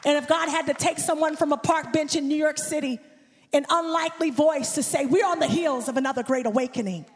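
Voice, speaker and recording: High-voiced woman preaching in a reverberant hall. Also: a little fast, some chatter behind. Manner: fervent preaching, rising to shouts and a sung cadence. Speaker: guest preacher. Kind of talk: impassioned sermon. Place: church sanctuary. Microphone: handheld microphone. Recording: long church hall reverb.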